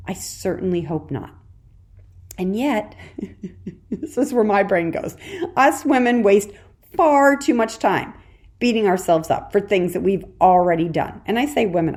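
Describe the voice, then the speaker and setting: A woman hosting a solo parenting podcast, talking in a chatty, encouraging way and addressing the listener directly. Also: medium pitch. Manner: warm encouraging, addresses listener as "dear warrior"; chatty with frequent "okay" and laughs. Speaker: podcast host and parenting coach.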